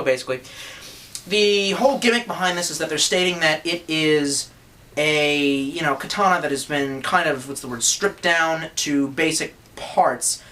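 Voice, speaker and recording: Bright-voiced young man, profane rambling vlog. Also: a little high. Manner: profane, joking, self-deprecating, rambling. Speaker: YouTuber reviewing swords. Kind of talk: casual rambling vlog review. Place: room at home, indoors.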